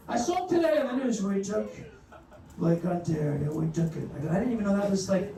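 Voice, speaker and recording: A man's voice: high-pitched, expressive, fairly quick, reverberant, distant mic. A man doing a stand-up set in a comedy club, riffing brashly and talking with the crowd, heard from afar with crowd noise. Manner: brash, riffing, chats with the audience.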